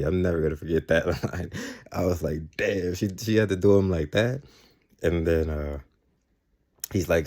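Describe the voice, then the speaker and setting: Low, mellow-voiced male reviewer; loose, rambling recap that keeps backtracking to fix details. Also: fairly even intonation, moderate pace. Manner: rambling, often correcting himself mid-sentence; quotes characters in his plain voice. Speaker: TV episode reviewer. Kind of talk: casual episode recap.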